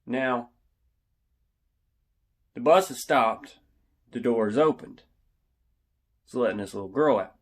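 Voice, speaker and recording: Animated young man telling a story. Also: mid-range voice, takes it slowly, pauses often. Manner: animated, yells out quoted lines. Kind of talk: casual anecdote telling.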